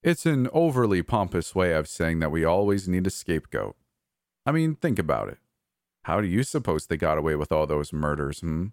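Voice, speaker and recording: A man voicing a manic, cruel adult brother who taunts and mocks, breaking into yells. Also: low voice, very animated, moderate pace, no room sound, studio quality. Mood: cold taunting. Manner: taunting, mocking, erratic shifts into yelling.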